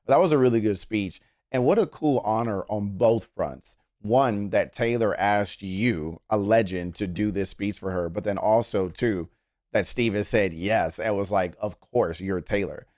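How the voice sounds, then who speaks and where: A man's voice: lowish voice, measured pace, darkish tone, no echo, studio quality. A man chatting casually and playfully on a live stream while reacting to a video, often laughing.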